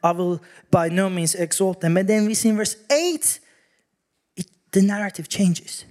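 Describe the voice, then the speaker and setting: High-voiced man preaching a sermon. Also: normal speed. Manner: storytelling, animated, acts out quotes.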